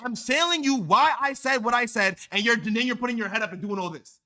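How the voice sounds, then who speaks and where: A man's voice: extremely high pitch, fast talker, sharp tone. A young man arguing heatedly and insistently, repeating himself to defend his reputation. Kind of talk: heated argument.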